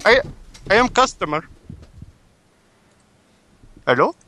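A man's voice: high-pitched, very animated, takes it slowly, bright, forceful tone, pitched above the performer's own voice, heavily acted. Man putting on an Indian-accented indignant caller. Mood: offended, indignant. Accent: Indian, put on. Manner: plaintive, insistent, stiff formal phrasing. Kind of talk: prank phone call.

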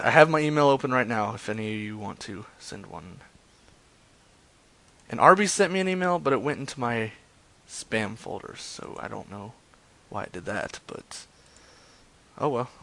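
Male prank-call streamer, casual live chat, excitable, swears freely, laughs a lot. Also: medium pitch, normal speed, no echo. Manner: excitable, profane, laughs often.

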